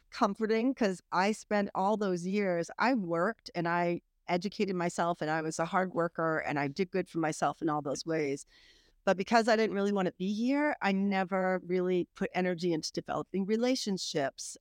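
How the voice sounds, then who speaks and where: A middle-aged woman, a podcast guest, telling her own story in a candid, animated way, often saying "like". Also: fairly low pitch, no room sound, clean studio sound. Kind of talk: casual storytelling.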